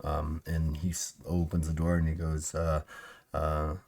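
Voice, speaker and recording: A man's voice: rumbling low, monotone, a little slow, creaky, a little mellow. A man narrating a tabletop game as game master, rambling with many fillers and restarts.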